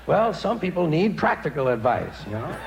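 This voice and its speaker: Sardonic stand-up comic, live stage recording. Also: male voice, fairly high pitch, big pitch swings, normal speed, gravelly, background noise. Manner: wry, sardonic delivery. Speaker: stand-up comedian. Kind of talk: stand-up comedy routine. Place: stage before a laughing audience.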